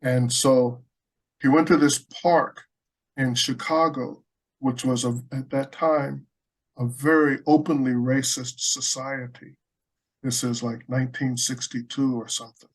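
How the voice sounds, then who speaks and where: A man from the United States speaks as a guest in a conversational interview. He tells stories earnestly and with animation, often restarting his phrases, and his voice sits in a middle pitch. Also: steady tone, a little slow, rough recording. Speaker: Buddhist practitioner guest.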